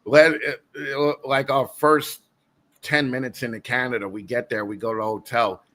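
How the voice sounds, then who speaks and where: Man, guest host, podcast chat, bright forward voice, rambling, laughs often. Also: mid-range voice, steady tone, normal speed. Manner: rambling storyteller, frequent restarts and laughter.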